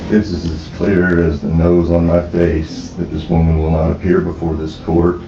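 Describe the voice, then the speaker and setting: A man's voice: deep voice, completely flat delivery, normal speed, noisy background. A man confronting an attorney during a court hearing. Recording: echoey, muffled courtroom clip.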